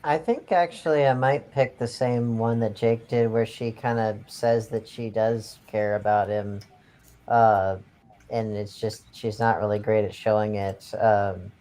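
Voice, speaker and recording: A man on a discussion panel, soft-spoken and reflective. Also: fairly low pitch, steady tone, a little slow. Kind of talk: casual group chat.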